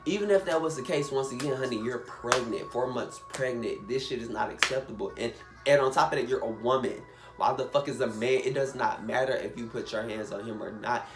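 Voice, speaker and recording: A man's voice: mid-range voice, a little fast, roomy sound, music in the background. A young man vlogger telling a story in a casual rant, swearing and repeating himself for emphasis.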